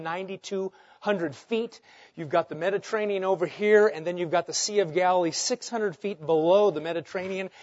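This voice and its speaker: Guy preaching, fairly high voice, goes loud then quiet, kinda dull lo-fi sound. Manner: dramatic swings between loud and hushed delivery; rhetorical questions to the congregation. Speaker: pastor. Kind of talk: sermon.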